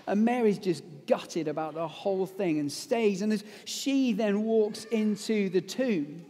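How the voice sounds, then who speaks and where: A man preaching a lively, conversational sermon that retells a story, with casual asides. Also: high voice, unhurried. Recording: long hall reverb.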